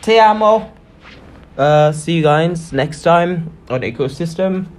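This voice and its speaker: A man, hosting a podcast in a soft, low-key, reflective monologue. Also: unhurried, rough recording. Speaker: podcast host. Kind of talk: casual solo monologue.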